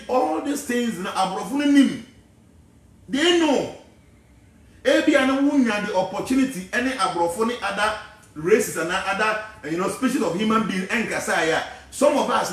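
A man with a Ghanaian accent, giving an animated, preachy talk that wanders from point to point. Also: sits high, very echoey, distant mic. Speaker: spiritual teacher. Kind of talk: casual talk mixing English and Twi.

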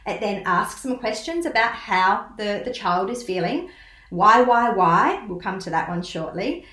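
A woman's voice: mid-range voice, very animated, moderate pace, a bit bright. A woman educator reading a children's book aloud and explaining it, in a teacherly way that asks the listener questions. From Australia. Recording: roomy echo.

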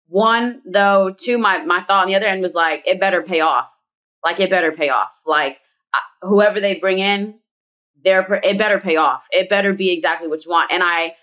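A woman's voice: lowish voice, sharp tone. A woman with a Philadelphia accent co-hosting a sports podcast, chatty, laughing often and filling her speech with "like". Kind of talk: casual sports chat.

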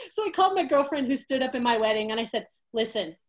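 A woman who sells through network marketing, telling an excited story, laughing often and acting out the lines of the people she talks to. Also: high-pitched, quick pace, rough recording. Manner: animated, laughs often, acts out quoted dialogue.

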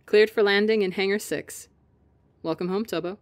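A sweet female space station controller gives formal clearances with a smile in her voice, as a woman plays her. Her tone is polite and welcoming. The sound is dry and close. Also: medium pitch, steady tone, moderate pace, dry recording, natural voice.

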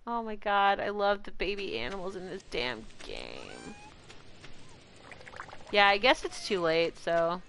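A woman's voice: medium pitch, very animated, slow, pauses often, sharp tone, a little hiss or hum. A woman streamer chatting casually while playing a farming game, gushing over baby animals and talking to her chat and pets. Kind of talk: casual gameplay commentary.

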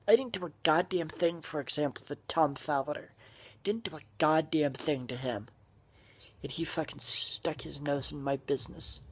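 Angry vlogger man, husky voice, profane shouting rant. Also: fairly high pitch. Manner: profane, furious, shouting bursts. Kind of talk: angry ranting monologue.

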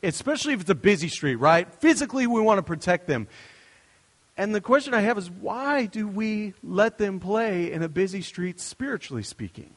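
Casual young male preacher, storytelling tone, higher-pitched, big reverberant hall. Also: animated, moderate pace. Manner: storytelling, conversational, with restarts and asides. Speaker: pastor. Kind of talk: sermon.

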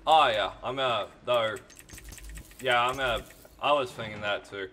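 A man's voice: medium pitch, measured pace, pushed and bright. A man hosting a let's play, chatting casually while gaming, rambling, joking and swearing.

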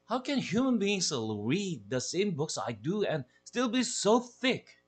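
A sardonic, moody house cat, as a man reads him aloud, dripping scorn and heavy sighs of exasperation. The voice is husky with a Korean accent, and the pitch rises and falls in lively swings. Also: slow, heavily acted. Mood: exasperated.

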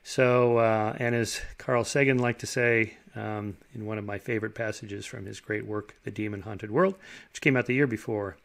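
A man in his sixties giving a lecture, explaining in a measured way and reading through figures. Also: lowish voice, steady tone, creaky.

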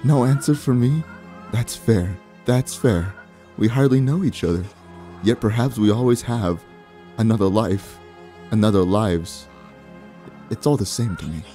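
A man voicing a cryptic, sly old female witch in game dialogue, speaking in a hushed, measured, teasing way. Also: fairly low pitch, soft background music, lightly acted. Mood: musing.

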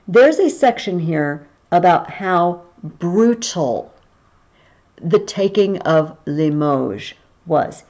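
Woman, history teacher, chatty video-lesson delivery, slightly low voice, muffled lo-fi recording. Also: a little mellow. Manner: chatty, explaining aloud.

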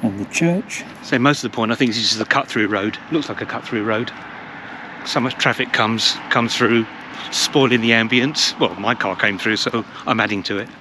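A man from England, his voice on the low side at normal speed, narrates a relaxed walking vlog through a village. The travel vlogger rambles chattily and repeats himself, and traffic noise is clearly heard in the outdoor recording.

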